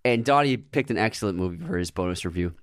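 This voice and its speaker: A man's voice: on the low side, lively intonation, fast, clean tone, no echo, clean studio sound. A man co-hosting a podcast in casual chat, often laughing as he reads out listener comments. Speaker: podcast co-host.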